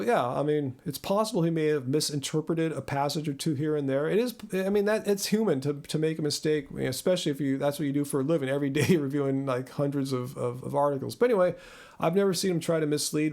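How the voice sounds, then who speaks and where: A man's voice: on the high side, vocal fry, a little mellow. A man in his thirties hosting a casual live-stream Q&A, rambling and self-deprecating as he answers viewers. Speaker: host.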